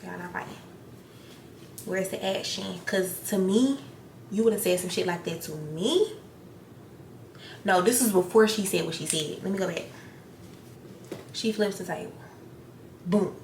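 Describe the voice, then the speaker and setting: A woman's voice: on the low side, unhurried, creaky, pauses often, darkish tone. A young woman chatting casually in a get-ready-with-me video, retelling drama bluntly and profanely, acting out quotes with lots of energy. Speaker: beauty vlogger. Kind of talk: casual chat while getting ready. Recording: echoey room, faint ambient noise.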